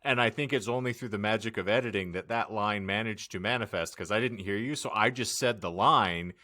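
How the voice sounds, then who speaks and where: Sardonic bright-voiced male podcast host. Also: on the low side. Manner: sardonic, swearing, quick banter. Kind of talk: casual chat and comic narration.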